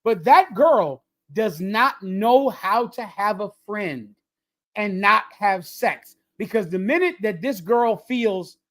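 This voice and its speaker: A man's voice: sits high, animated, takes it slowly, a bit bright. A man leading a livestreamed religious lesson, preaching emphatically in a lecturing, repetitive cadence. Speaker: religious group leader.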